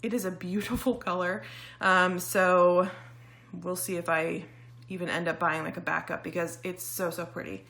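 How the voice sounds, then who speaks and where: Chatty, bright-voiced woman, a bit breathless. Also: lowish voice, little pitch movement, normal speed, gravelly. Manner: chatty, explanatory, frequent ums. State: slightly out of breath. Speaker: beauty vlogger. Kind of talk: casual product demonstration.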